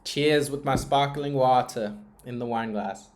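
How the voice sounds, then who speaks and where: A young man talking to himself during a live trading stream, rambling and swearing, often sinking to a low mutter. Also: a little slow. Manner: rambling, profane, emotional self-talk. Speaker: trading livestreamer. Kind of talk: casual live-stream monologue.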